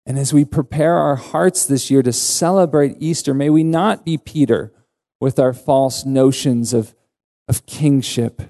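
A male pastor delivering an earnest sermon with emphatic rises in pitch. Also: unhurried, mellow.

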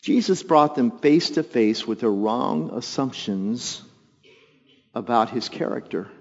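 A man preaching a sermon, telling the story with lively asides and acting out the voices of the people in it. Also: creaky. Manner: animated storytelling, acts out voices with jumps in pitch and volume. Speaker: pastor. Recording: long hall reverb, dull lo-fi sound.

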